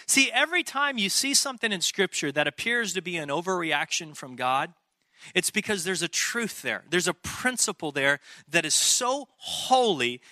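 A man's voice: high-pitched, very animated, moderate pace, sharp tone, dry recording, clean studio sound. A man preaching a sermon in an emphatic, conversational way, full of rhetorical questions. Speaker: pastor.

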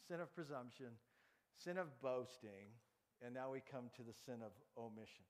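A man's voice: mid-range voice, lively intonation, moderate pace, big-room sound. A male pastor preaching a sermon, telling stories, asking the congregation to repeat after him, and often restarting words. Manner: storytelling, interactive, repeats words.

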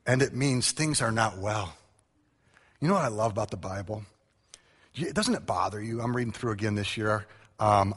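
This animated preacher has a husky, mid-range voice and delivers a humorous sermon in a large church hall with long reverb. He tells stories with energy, acting out quotes and poking fun at himself.

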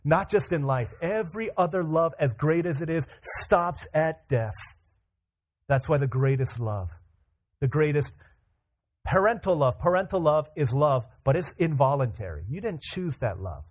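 A man preaching a sermon, animated, acting out the voices in the scripture with casual asides. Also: fairly high pitch, moderate pace.

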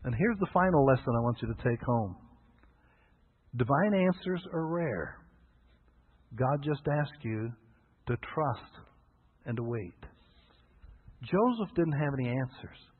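A man's voice: mid-range voice, expressive, slow, pauses often, husky. A man preaching a sermon as a pastor, telling folksy stories and acting out the voices of the people in them. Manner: folksy storytelling, acts out quoted voices. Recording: tinny phone-like radio broadcast.

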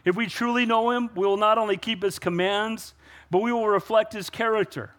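A man with a high, light voice preaching with fervor. He drives his points home and keeps calling for an amen from the congregation, his voice lifting as he presses each line. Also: fairly even intonation, a little fast. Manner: emphatic, rising to loud exclamations and call-and-response. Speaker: pastor. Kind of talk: sermon.

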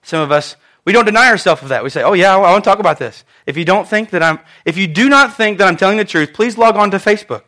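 A man preaching a sermon in church, talking in an animated, conversational way with asides to the congregation. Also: high-pitched, fast talker, hardly any pauses. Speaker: pastor.

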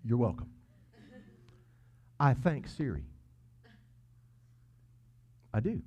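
A man preaching a sermon, earnest and emphatic, swinging between loud peaks and hushed asides. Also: fairly high pitch, lively intonation, moderate pace. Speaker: pastor. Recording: dull lo-fi sound.

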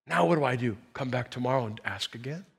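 A man in his sixties preaching as a pastor, swinging from loud emphasis to hushed quiet. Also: mid-range voice, expressive, fast talker, gravelly, slightly rough. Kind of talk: sermon.

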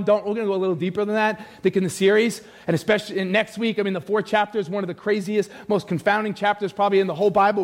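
A man preaching a lively sermon who often shouts, drops suddenly to a hush, and throws questions at the congregation. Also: high voice. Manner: animated preaching, often shouting, sudden swings from loud to hushed; speaks to the congregation with direct questions. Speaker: pastor.

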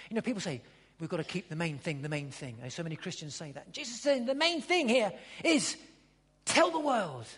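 A preacher delivering a sermon with a lively voice that swings widely up and down in pitch. The tone is slightly husky, and the preacher hammers home repeated phrases. The voice rings with the long reverb of a church hall. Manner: emphatic, repeats phrases, drops to a hush for emphasis.

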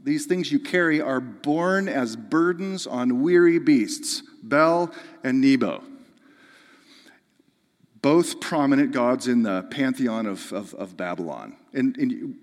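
Fervent preacher in a reverberant hall. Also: male voice, medium pitch, expressive, slow pace. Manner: emphatic, builds to fervent peaks then drops to soft earnest tones. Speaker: pastor. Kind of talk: sermon.

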